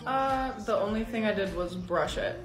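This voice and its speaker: A woman's voice: on the high side, moderate pace, soft background music. A woman performing short comedy skits with exaggerated reactions. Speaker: sketch performer. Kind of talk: comedy skit role-play.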